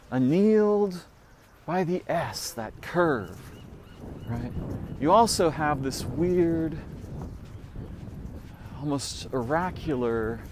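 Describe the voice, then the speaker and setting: A man thinks out loud in a solo recording, rambling and speculating, frequently drifting into fillers and starting over, with his pitch jumping upward whenever he stresses a point.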